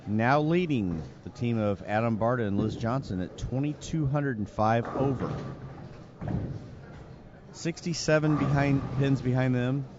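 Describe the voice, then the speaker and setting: A man's voice: mid-range voice, measured pace. Joking male bowling commentator. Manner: joking, reads standings in a steady list. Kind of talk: live sports commentary. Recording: dull broadcast audio with noise.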